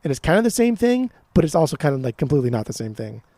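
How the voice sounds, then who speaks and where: An excitable man in casual podcast chat, swearing freely as his enthusiasm builds. His voice sits a touch high and mellow, recorded dry and close. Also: racing, no echo. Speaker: podcast co-host.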